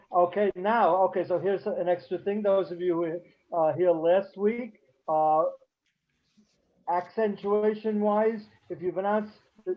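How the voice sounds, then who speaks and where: A man teaching a beginner class over a video call, talking haltingly with many fillers and restarts. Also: sits high. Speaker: Hebrew teacher. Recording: dull lo-fi call audio.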